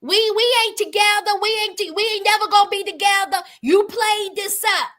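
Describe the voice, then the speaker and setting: A woman voicing a blunt young man who flatly brushes off a date and keeps repeating himself. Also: extremely high pitch, moderate pace. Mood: dismissive.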